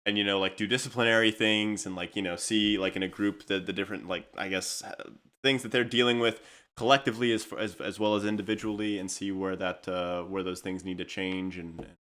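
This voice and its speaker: A man's voice: on the low side, fairly quick. A man co-hosting a podcast, chatting casually and telling stories with frequent laughter. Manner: animated storyteller, laughs often. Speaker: podcast co-host. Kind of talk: casual chat.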